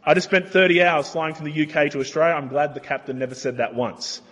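A male preacher gives an earnest, emphatic sermon in a fairly high voice. He slows down on his key points, and his words carry a long echo through the church hall. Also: steady tone, a bit bright.

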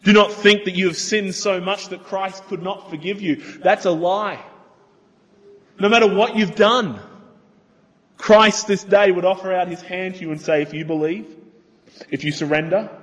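A man preaching a sermon in a church, earnest and emphatic, slowing down to stress his key points. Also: sits high, a bit bright, in a large hall.

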